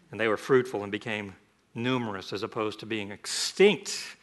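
A man preaching a sermon, animated, breaking into lively voices for the people in the scripture. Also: normal speed. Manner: animated, acts out scripture voices with sudden jumps in pitch and volume. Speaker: pastor.

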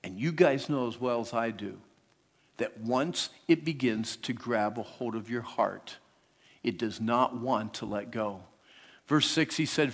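A man preaching a sermon to teenagers, swinging between hushed, close talk and loud, animated stretches. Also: medium pitch, normal speed. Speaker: youth speaker. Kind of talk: sermon to teens. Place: large hall. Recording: long hall reverb.

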